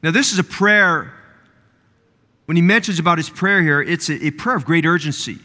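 A man's voice: fairly high pitch, moderate pace, sharp tone, big-room sound. A man preaching a sermon as pastor, building fervor and repeating phrases for emphasis. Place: church sanctuary.

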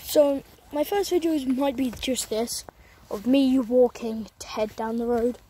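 This is a casual walking vlog: a young woman outdoors on a country road talks into the phone camera she carries, rambling and apologizing in a chatty manner. Her voice is a little high and warm, and she speaks slowly. A bit of background noise comes through.

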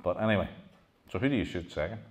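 A man's voice: deep voice, animated, fast. A middle-aged man giving a public history talk to an audience. He speaks animatedly, puts questions to the room and often restarts his sentences. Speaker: lecturer giving a museum talk.

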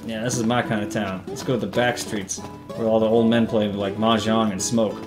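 A man's voice: on the low side, little pitch movement, fairly quick. A young man doing casual, profane, sarcastic commentary while playing a video game. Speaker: let's play host. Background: game music.

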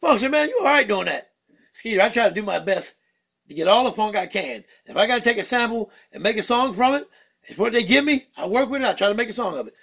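Male host, calm and earnest, husky voice with a lively lilt. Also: high voice, fast, recorded from a distance. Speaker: funk musician and host. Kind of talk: casual explanation to viewers.

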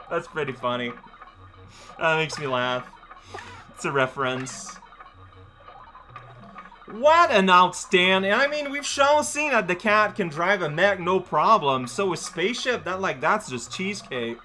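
A man giving casual gameplay commentary as a let's play host, rambling and goofy with excitable bursts. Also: high-pitched, unhurried, a little hiss or hum. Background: game music.

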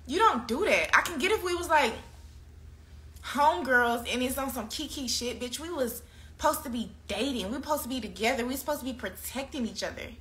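High-pitched and sharp-toned, another young woman tears into her breakup during an interview. She curses without restraint and repeats her points heatedly over and over.

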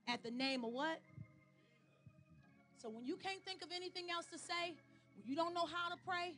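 A young woman leading youth worship, calling out chants and then talking casually with the congregation in a church service. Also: sits high. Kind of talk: call-and-response worship and sermon. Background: loud worship music.

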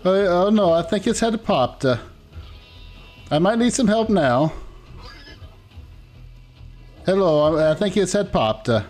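A man's voice: high voice, animated, moderate pace, a little mellow, faint music behind. Bruno, a man doing a bumbling Italian. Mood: worried. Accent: put-on Italian. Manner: broken English, apologetic, refers to himself as "a Bruno". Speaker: roleplay player. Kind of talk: voiced online roleplay in character.

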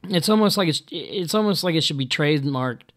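A man talking to camera in a casual monologue, halting and full of ums and restarts, blunt and exasperated. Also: fairly high pitch, expressive, fairly bright tone. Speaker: video blogger.

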